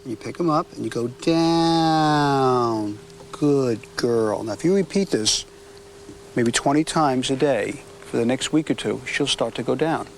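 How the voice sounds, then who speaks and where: Recorded on a distant mic with faint outdoor noise, a dog trainer with a medium-pitched, animated voice and some vocal fry leads a hands-on demonstration at a moderate pace. He coaches firmly, using short, clipped commands.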